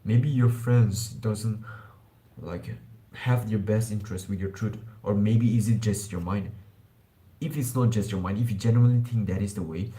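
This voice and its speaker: A man's voice: fairly low pitch, steady tone, moderate pace, dark tone, low-quality recording. A man streaming live about self-improvement, talking in a loose, rambling way, calling listeners bro and swearing now and then. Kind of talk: casual live-stream talk.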